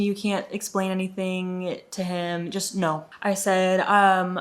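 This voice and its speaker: A young woman telling a storytime vlog in an animated, indignant way, acting out the dialogue as she goes. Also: mid-range voice, unhurried, hardly any pauses. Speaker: vlogger.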